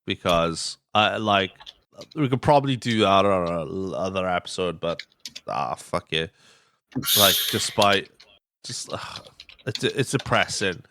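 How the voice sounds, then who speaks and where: A man's voice: low-pitched, lively intonation, measured pace, pushed and bright, slight background noise. A man in casual podcast chat, rambling with restarts and swearing in exasperation. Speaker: podcast co-host.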